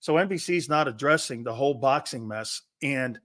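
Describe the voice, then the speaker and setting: A man's voice: mid-range voice, moderate pace, a bit bright, dry recording, clean studio sound. A man hosting a sports talk show, giving blunt, emphatic opinions and often tossing in "man.".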